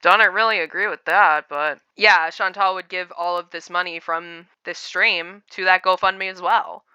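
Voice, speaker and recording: A woman's voice: fairly low pitch, pushed and bright, smooth, no echo. A woman giving casual, blunt commentary with a sarcastic edge and lots of filler words. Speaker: commentary YouTuber.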